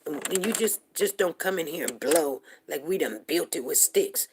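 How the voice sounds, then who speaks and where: A woman's voice: low-pitched, animated, moderate pace, hardly any pauses, a little mellow, slightly rough. A woman hosting a livestream show, talking heatedly and emphatically and repeating herself to drive her points home. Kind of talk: impassioned livestream commentary.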